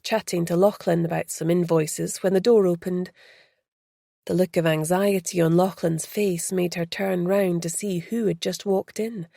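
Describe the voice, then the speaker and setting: A woman reading a story aloud as audiobook narrator, in a measured storytelling manner. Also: lowish voice, gravelly, mellow, dry recording, clean studio sound. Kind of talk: scripted narration.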